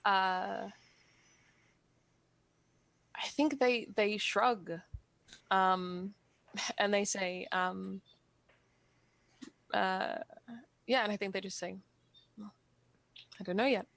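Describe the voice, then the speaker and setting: A woman's voice: mid-range voice, fairly even intonation, extremely slow, vocal fry, long pauses, a bit bright, no echo. A woman playing a tabletop role-play game, speaking hesitantly, with many restarts and fillers, and close to tears. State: tearful. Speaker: player.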